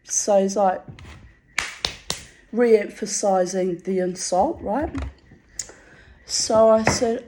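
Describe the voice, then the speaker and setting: A woman's voice: mid-range voice, extremely slow, pauses often, dark tone, slight background noise. A middle-aged woman, telling a personal story in a candid monologue, bluntly, with swearing and rambling asides.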